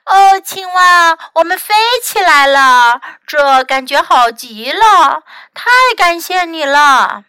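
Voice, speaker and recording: Woman doing a bright, kind storybook duck. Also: high-pitched, no room sound, pitched above the performer's own voice, full character voice. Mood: joyful. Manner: slow, bright, soothing storybook voice. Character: cheerful kind female duck friend.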